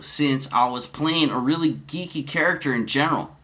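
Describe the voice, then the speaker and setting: A man's voice: fairly high pitch, normal speed, hardly any pauses, sharp tone. A man giving casual commentary, rambling and profane, often cutting himself off. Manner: profane, rambling, self-interrupting.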